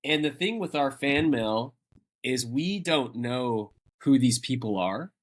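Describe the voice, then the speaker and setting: A man's voice: mid-range voice, animated, slow pace. A man co-hosting a podcast in casual chat, rambling and laughing often. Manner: laughing, rambling, self-interrupting. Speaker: podcast co-host.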